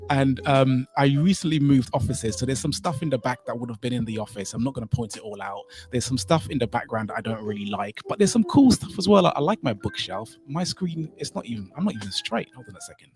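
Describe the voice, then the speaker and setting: A man's voice: mid-range voice, lively intonation, brisk, darkish tone. Chatty man thinking aloud on a livestream. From Saint Kitts and Nevis. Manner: chatty, rambling, thinks aloud while fiddling with settings. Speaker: livestream host. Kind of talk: casual live-stream talk. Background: faint music.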